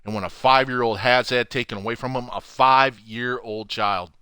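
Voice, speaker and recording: A man hosting his own channel, ranting furiously to camera from home with heavy swearing and loud outbursts. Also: mid-range voice, fairly even intonation, moderate pace, clean tone, no echo, clean studio sound. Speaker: channel host. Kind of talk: angry profane rant to camera.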